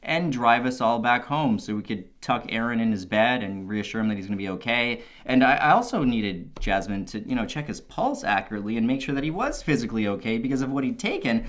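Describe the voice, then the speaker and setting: A man casually telling a personal story, animated, swearing freely and laughing at his own asides. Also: medium pitch, fairly quick, hardly any pauses.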